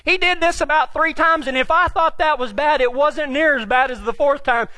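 A man's voice: very high-pitched, moderate pace, pushed and bright, dry recording. A man from Texas with a Texan accent, telling a funny, folksy, self-mocking story about himself. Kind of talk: humorous storytelling.

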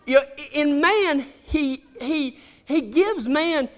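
A man's voice: extremely high pitch, expressive, takes it slowly. A middle-aged man preaching a sermon, telling folksy, joking stories with lots of animation. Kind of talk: storytelling sermon to a live congregation.

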